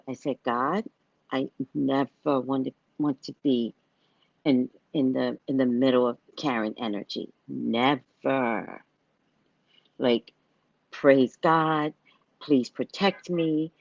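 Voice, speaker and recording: A woman's voice: sits low, gravelly, dry recording, muffled recording. An older woman talking casually to her viewers as host of a live show, telling stories and acting out the voices of people she quotes.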